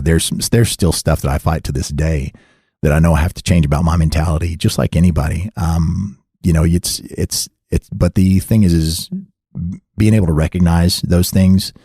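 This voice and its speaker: Deep gravelly man telling his story. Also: mellow, no echo, clean studio sound. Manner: rambling and candid, with frequent laughs. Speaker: podcast guest telling his life story. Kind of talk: casual storytelling.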